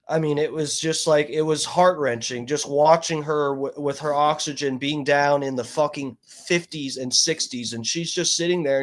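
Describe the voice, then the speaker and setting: Grieving man talking slowly. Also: a little high. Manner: halting, full of restarts and swearing. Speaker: streamer. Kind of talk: casual livestream talk.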